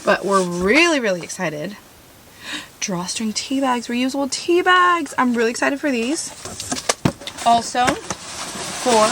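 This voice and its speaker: A woman vlogging about van life in casual chat, bubbly and gushing, rambling with fillers. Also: mid-range voice. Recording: noisy handheld recording.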